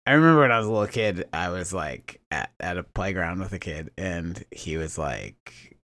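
A man's voice: low voice, expressive, moderate pace, fairly bright tone, no echo. A man co-hosting a podcast, improvising a comedy bit as a time traveler, talking in a playful put-on accent. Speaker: podcast co-host.

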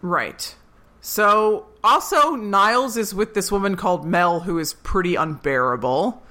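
Young woman co-host, bright voice, chatty with frequent laughs. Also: medium pitch, lively intonation. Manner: chatty, laughs often, quick asides. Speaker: podcast co-host. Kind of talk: casual chat.

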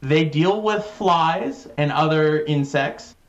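A man's voice: on the high side, slow pace, dull audio. A man chatting casually on a podcast, joking and rambling with many fillers. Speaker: podcast host, guest.

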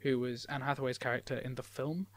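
A man's voice: medium pitch, steady tone, fast talker, no echo. A young man co-hosting a podcast, chatting casually about films with frequent restarts. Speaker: podcast co-host. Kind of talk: casual film discussion.

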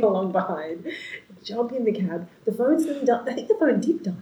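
A woman tells a story in a relaxed chat, animated and quick to laugh, jumping into the voices of the people she quotes. Her medium-pitched voice sits in a roomy space with a noticeable echo. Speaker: storyteller in a conversation. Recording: roomy echoey recording.

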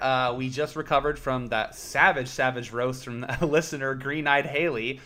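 A man's voice: medium pitch, fairly even intonation, normal speed, hardly any pauses, sharp tone. A man hosting a podcast in casual chat, rambling and self-mocking, laughing often between restarts. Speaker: podcast host.

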